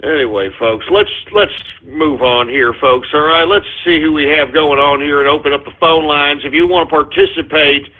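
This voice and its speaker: A man's voice: on the high side, normal speed, hardly any pauses. Male call-in radio host, short of breath and worked up, thin lo-fi audio. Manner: agitated, swearing, out of breath. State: winded. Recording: phone-like narrow audio.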